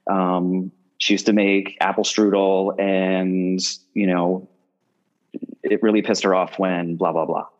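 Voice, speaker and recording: Low-voiced man speaking on a muffled line. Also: takes it slowly. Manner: rambling, restarts phrases often, animated when telling stories. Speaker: guest medium. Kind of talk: casual conversational interview.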